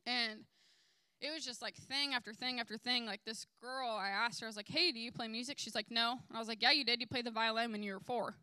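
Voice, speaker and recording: A young woman telling a personal faith testimony, animated and acting out dialogue as she recounts conversations. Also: a little high, fast, clear, resonant tone, dry recording. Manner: animated, quotes dialogue with "I was like". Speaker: testimony speaker.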